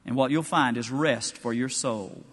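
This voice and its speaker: A man preaching a sermon in a church sanctuary, telling stories with animated, emphatic delivery. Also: medium pitch, normal speed, breathy edge, long reverb tail. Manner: animated storytelling preaching, rising to emphatic peaks.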